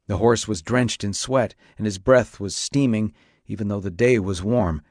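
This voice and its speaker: A man reading a novel aloud in an even, measured storytelling voice. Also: on the low side, no echo, clean studio sound. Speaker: audiobook narrator. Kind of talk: scripted narration.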